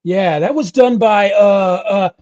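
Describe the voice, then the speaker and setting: A man putting on a loud, high, pushy voice to play a know-it-all male comic fan, heard through a dull lo-fi recording. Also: takes it slowly, dry recording. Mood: smug.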